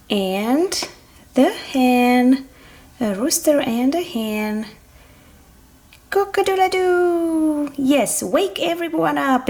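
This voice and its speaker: A woman's voice: on the high side, vocal fry, a little mellow, husky. A young woman narrating a toy farm play for children, sing-song and full of animal sounds.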